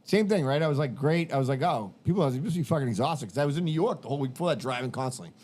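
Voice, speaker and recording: A man's voice: mid-range voice, animated, very fast, a little mellow. A man, telling rambling, profane stories on a casual podcast and acting out what people said. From Massachusetts. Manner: profane, rambling storyteller who acts out quotes. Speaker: podcast host.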